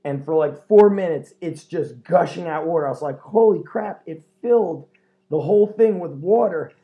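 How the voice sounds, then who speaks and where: A man hosting a podcast, telling a story in an animated way, laughing and swearing often. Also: on the high side, normal speed, muffled recording. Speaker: podcast host. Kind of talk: casual chat.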